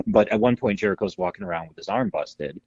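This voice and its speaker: Male podcast co-host, low pitch, husky, animated storyteller, casual and profane. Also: quick pace, no room sound, highs cut off. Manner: animated storyteller, acts out quotes, swears freely.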